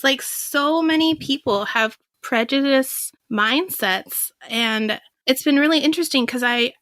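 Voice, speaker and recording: A woman's voice: fairly high pitch, no echo, clean studio sound. A woman in her thirties from Washington State, a podcast guest telling personal stories, acting out what people said and laughing often. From Washington State, USA. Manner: lively, acts out quoted voices, laughs often. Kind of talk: candid personal storytelling.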